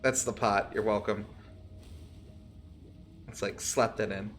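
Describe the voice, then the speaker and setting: A man's voice: lowish voice, fairly even intonation, slow, fairly bright tone, a little hiss or hum. A man hosting a live stream, chatting casually and teasing his co-host with jokes and frequent laughs. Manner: teasing, joking, laughs often.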